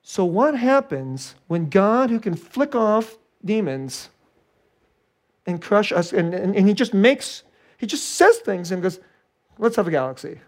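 A preacher delivering a sermon, repeating and restarting phrases and chuckling between points. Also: takes it slowly. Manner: animated, swinging from loud high emphasis to hushed low delivery.

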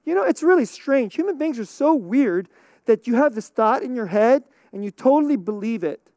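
A woman's voice: fairly high pitch, animated, moderate pace, dark tone, dry recording, clean studio sound. A middle-aged woman pastor preaching a conversational sermon, laughing often and checking in with "okay?".

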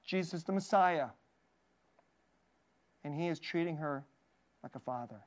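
Male pastor, high voice, earnest sermon delivery, warm laughs, gentle quiet dips. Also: measured pace. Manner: earnest, tender preaching with frequent laughs and soft dips.

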